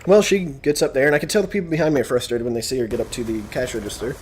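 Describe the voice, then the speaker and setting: A man's voice: mid-range voice, expressive, very fast, a little mellow. A young man vlogging a casual, sarcastic, rambling rant about an annoying shopper. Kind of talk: casual ranting vlog.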